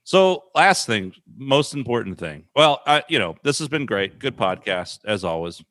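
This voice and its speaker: Bright-voiced, crude podcast host. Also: male voice, mid-range voice, big pitch swings, moderate pace, no room sound, studio quality. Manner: crude, jokey banter with lots of swearing. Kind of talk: casual podcast chat.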